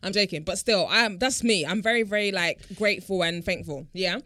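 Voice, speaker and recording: Woman, bright voice, dry close sound, expressive, casual podcast chat. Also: mid-range voice, a little fast, no echo. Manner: chatty, teasing, expressive. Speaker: podcast co-host.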